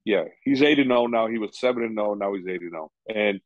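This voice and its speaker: In a relaxed interview, a coach of MMA fighters rambles on, leaning heavily on "you know." His voice is fairly low and a little fast, captured in dull lo-fi audio.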